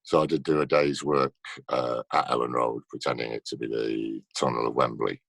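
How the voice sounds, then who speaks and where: A man's voice: extremely low pitch, flat delivery, moderate pace, gravelly, fairly bright tone, no echo. A man telling stories in a casual interview over a video call, laughing often. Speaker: actor guest.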